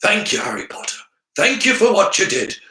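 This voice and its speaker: A man voicing a frail old man with a cane who speaks slowly and waveringly. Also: sits high, very animated, pushed and bright, reverberant, voice pushed up, exaggerated voice. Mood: grateful. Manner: slow, wavering.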